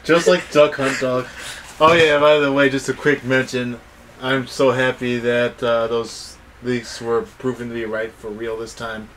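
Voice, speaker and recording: Brief: mid-pitched man, dry sarcastic co-host, faint hiss behind. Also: flat delivery, a little slow, a bit bright. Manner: wry, dismissive commentary. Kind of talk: casual review chat.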